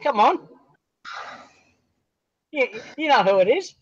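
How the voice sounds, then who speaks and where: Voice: sits high, very animated, slow pace, no room sound. Teasing co-host, dry lo-fi sound. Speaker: stream co-host reading chat. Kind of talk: casual chat. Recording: dry, dull lo-fi stream audio.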